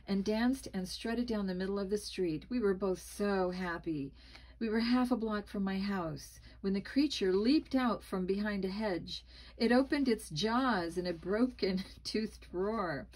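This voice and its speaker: A woman reading a spooky children's book aloud, expressive and dramatic, with small slips. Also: medium pitch, poor audio. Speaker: storybook reader.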